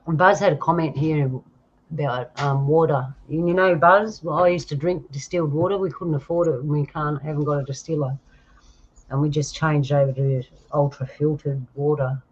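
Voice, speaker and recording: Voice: mid-range voice, steady tone, moderate pace, breathy edge. A host in their fifties, chatting casually on a video call livestream and laughing often. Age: 50s. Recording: dull lo-fi stream audio.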